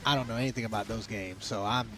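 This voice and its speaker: A man's voice: on the low side, quick pace, noisy background. A man co-hosting a fighting game watch party in an easygoing, chatty way. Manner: easygoing, chatty, reads chat aloud. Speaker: co-host commentator. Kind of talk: casual fighting game co-commentary. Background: music.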